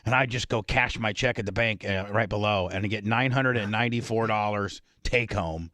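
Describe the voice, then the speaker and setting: A man's voice: on the low side, moderate pace, sharp tone, no echo, studio quality. A man hosting a talk radio show, telling blunt, brash stories in casual banter. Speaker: radio host.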